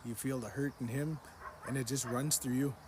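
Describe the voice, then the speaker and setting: A man's voice: mid-range voice, fairly even intonation, moderate pace, noisy background. A man telling a story in casual speech to a phone, earnest, repeating his phrases and restarting sentences. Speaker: social media storyteller.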